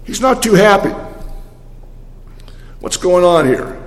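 An older man preaching a sermon, telling the story with animated energy and frequent restarts. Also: high voice, slow, in a large hall.

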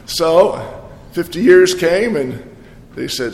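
A man with a high voice preaches in a church, and the words ring out in a long hall reverb. He tells jokes and acts out the people in them, then moves into lively preaching. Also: slow pace, pauses often, a little hiss or hum. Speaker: pastor. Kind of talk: sermon with jokes.

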